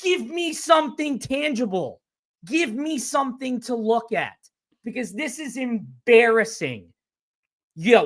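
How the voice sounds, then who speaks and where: A man co-hosting a sports podcast, delivering an exasperated, profane rant. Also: very high-pitched. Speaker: podcast co-host.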